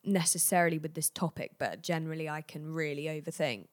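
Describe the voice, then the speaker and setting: A woman co-hosting a podcast, talking casually in a low-energy, fairly monotone way. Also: fast talker, no echo, studio quality. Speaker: podcast co-host. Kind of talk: casual chat.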